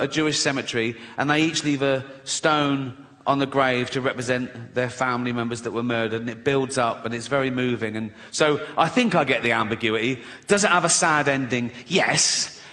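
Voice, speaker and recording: A man's voice: medium pitch, a bit bright, long reverb tail. A man, a comedian, telling comic stories, swearing freely and laughing at his own jokes. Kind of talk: stand-up style comic storytelling.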